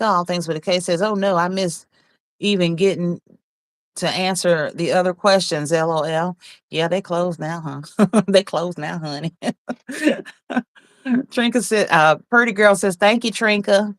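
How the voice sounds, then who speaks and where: A woman chats casually on a livestream, reading out viewers' comments and teasing them playfully. Her voice sits fairly low, and frequent laughter runs through her talk. The sound is dry and close, with no room echo. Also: moderate pace. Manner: reads chat aloud, laughs often, teasing and playful. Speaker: livestream host.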